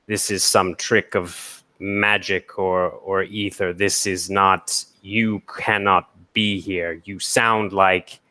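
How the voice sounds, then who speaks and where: A man voicing a grave, confused armored construct who speaks in slow, halting phrases. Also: low-pitched, flat delivery, bright, forceful tone, full character voice. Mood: stricken.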